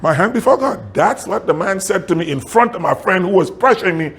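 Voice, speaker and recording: Middle-aged male pastor, storytelling sermon, animated swoops and chuckles, slightly high voice. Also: fairly quick. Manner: animated preaching with sudden high pitch swings; chuckles while telling stories.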